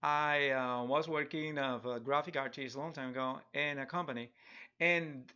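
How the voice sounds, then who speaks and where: A middle-aged man from a Spanish-speaking country, with a Spanish accent, chats casually while streaming a drawing tutorial, rambling, chuckling, and restarting often with plenty of fillers. His medium-pitched voice is bright, forceful, and clean, with fairly even intonation at a moderate pace. The live-stream audio is dull and lo-fi.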